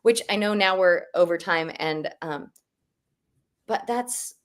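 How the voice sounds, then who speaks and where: Woman cohost, lowish voice, rambly story with lots of likes and restarts. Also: takes it slowly. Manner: rambling personal storytelling, many fillers and restarts. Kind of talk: casual livestream chat.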